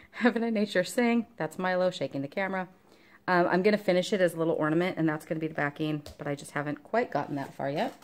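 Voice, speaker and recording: A woman's voice: low voice, steady tone, fast talker. A woman chatting casually in a show-and-tell vlog about her stitching, rambling along with lots of fillers. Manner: talks to her dog between topics. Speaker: cross-stitch vlogger.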